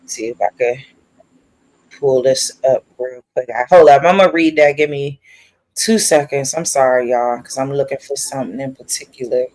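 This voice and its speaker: A co-host on a casual discussion stream, talking in a relaxed, hurried way while looking something up. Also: medium pitch, dry recording, rough recording.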